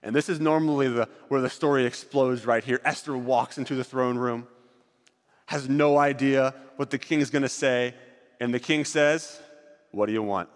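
A man's voice: medium pitch, fairly even intonation, moderate pace, long reverb tail. A man leading a group through an acted-out Bible story, directing volunteers on stage as he narrates.

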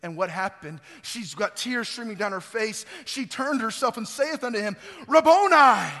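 A male pastor preaching an Easter sermon, swelling to loud emphasis and dropping to quiet, recorded in a church sanctuary. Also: high voice, normal speed. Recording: church hall reverb.

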